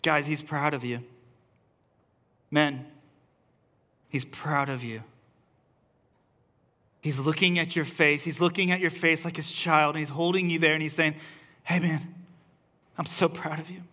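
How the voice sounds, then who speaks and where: A man's voice: fairly high pitch, fairly even intonation, measured pace, long pauses, bright, forceful tone. A man, a pastor, preaching a sermon in an earnest, repetitive way that builds emphasis through restarts. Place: church service.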